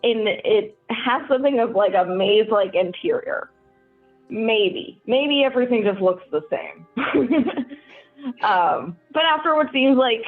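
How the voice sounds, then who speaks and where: A woman narrating as game master of a tabletop game, casual and giggly, with many fillers. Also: mid-range voice. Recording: tinny phone-like call audio.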